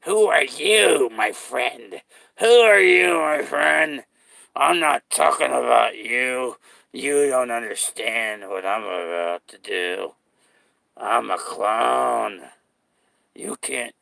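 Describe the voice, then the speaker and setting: Brief: a menacing male clown, slow and gravelly, dropping into whispers, put on by a man. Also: medium pitch, pushed and bright, full character voice. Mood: taunting. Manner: slow, drawn-out, threatening, drops to a whisper.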